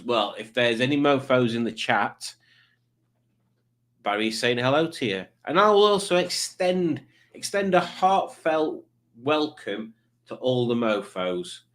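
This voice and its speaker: A man's voice: mid-range voice, fairly bright tone. Rambling, jokey man hosting a quiz. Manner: rambling, self-mocking, jokey asides. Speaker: quiz show host. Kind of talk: casual live-stream chat.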